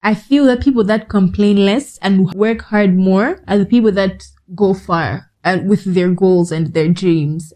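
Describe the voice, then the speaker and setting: A woman's voice: medium pitch, darkish tone, rough recording. A woman hosting a podcast, giving a direct, conversational motivational monologue with scolding asides. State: cold, shivering. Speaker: podcast host.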